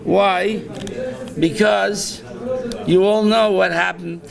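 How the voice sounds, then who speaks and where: Brief: male rabbi, gravelly high voice, lively storytelling in a Torah class, live audience in the hall. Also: moderate pace, a crowd in the background. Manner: quotes Hebrew verses and translates them into English, animated storytelling. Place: synagogue study hall.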